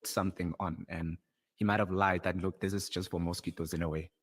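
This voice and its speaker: A man's voice: low voice, level tone, a little fast, in a large hall. A man interviewing a guest in a played clip, asking probing, sympathetic questions. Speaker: podcast interviewer.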